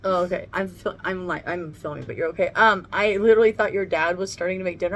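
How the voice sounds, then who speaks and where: A woman's voice: lowish voice, quick pace, few pauses, slight background noise. A middle-aged woman chatting bluntly and casually while doing her makeup at home, swearing freely as she talks. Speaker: beauty vlogger. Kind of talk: casual get-ready-with-me chat. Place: home room near the kitchen.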